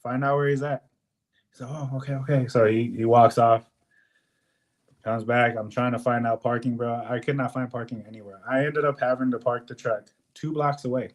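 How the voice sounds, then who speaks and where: A young man co-hosting a podcast, telling a work story in a casual, animated way, swearing often and acting out what people said. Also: medium pitch, normal speed. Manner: animated, profane, swears often, acts out quotes. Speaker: podcast co-host.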